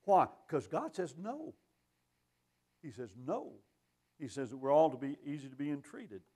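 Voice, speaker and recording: Man, preacher, sermon, high voice, folksy, emphatic, scripture quotes. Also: lively intonation, unhurried, warm tone.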